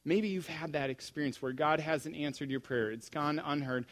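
Male preacher, sermon delivery, animated storyteller moving between hushed and loud. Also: fairly high pitch, moderate pace.

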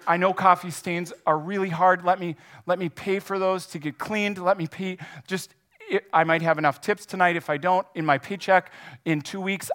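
A man voicing a flustered young waiter who stammers through rushed apologies. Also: sits high, a bit bright, pitched above the performer's own voice.

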